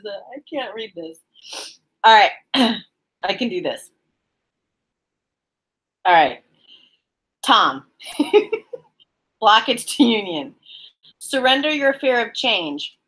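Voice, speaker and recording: A woman's voice: mid-range voice, fairly bright tone, low-quality recording. A woman hosting a casual live-streamed card reading from her apartment, chatty and giggly, calling out viewers by name. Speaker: tarot card reader and live-stream host.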